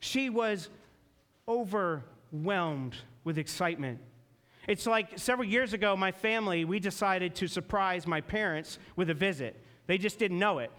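High-voiced preaching man. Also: fairly bright tone. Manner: earnest storytelling, slowing and dropping low for emphasis. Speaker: pastor. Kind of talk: sermon.

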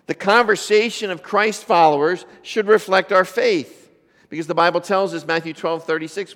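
Joking preacher in an echoing church. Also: male voice, on the high side, fairly bright tone. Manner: conversational, joking with the congregation, rhetorical questions. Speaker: pastor. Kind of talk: sermon. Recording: long reverb of a church hall.

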